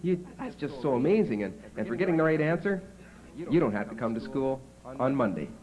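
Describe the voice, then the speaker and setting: A man voicing a prim, easily impressed female schoolteacher who gives slow, gushing praise. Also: medium pitch, expressive, dull audio, close to an everyday voice. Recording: home video with festival crowd.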